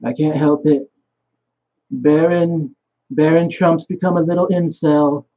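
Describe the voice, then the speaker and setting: A man's voice: fairly high pitch, fairly even intonation, a little slow, highs cut off, pitched above the performer's own voice, close to an everyday voice. A man putting on an impression of a boastful older male politician, bragging with repeated superlatives.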